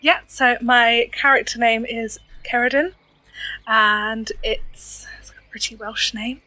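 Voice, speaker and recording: A woman's voice: fairly high pitch, steady tone, slow, bright, forceful tone, no echo, low-quality recording. A woman joining as a guest player in a tabletop game, giggly and playful. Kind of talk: casual tabletop play.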